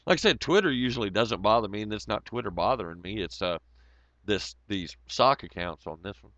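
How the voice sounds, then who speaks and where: A man rambles and swears through a casual livestream rant, laughing often. His voice is bright and forceful. The audio is dry and a bit muffled, like lo-fi stream sound. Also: on the low side, lively intonation, brisk, dry recording.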